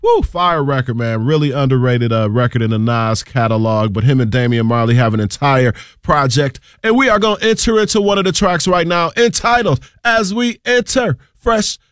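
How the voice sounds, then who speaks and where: A man's voice: medium pitch, normal speed, hardly any pauses, fairly bright tone, clean tone, dry recording. A male radio DJ hosting from a studio, with upbeat, slangy hype-man patter between songs. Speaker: radio DJ host.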